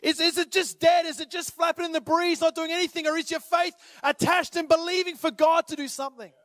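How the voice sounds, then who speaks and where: Guy pastor preaching, real high voice, gets fired up then goes quiet, acts out the bible bits. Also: little pitch movement, brisk, no room sound, clean studio sound. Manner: impassioned, rises to urgent calls then drops to quiet; acts out voices when retelling scripture. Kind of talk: sermon.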